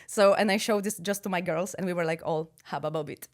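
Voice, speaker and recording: A young woman, talking casually as an interview guest, chatty and quick to laugh, with lots of "like". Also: on the low side, steady tone. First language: Polish. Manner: chatty, laughs easily, fills with "like".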